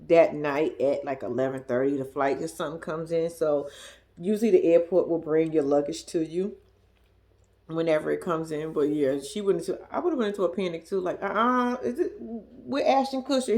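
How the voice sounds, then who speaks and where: A woman's voice: lowish voice, brisk, darkish tone. A young woman giving a sassy, slangy recap of a reality show, mimicking the cast in squealing voices. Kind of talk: casual recap commentary.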